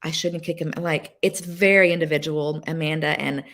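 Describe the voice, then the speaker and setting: A woman guest sharing a personal story on a podcast, emotional and halting, with many fillers and restarts. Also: low-pitched, steady tone, fairly bright tone. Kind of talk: candid personal testimony.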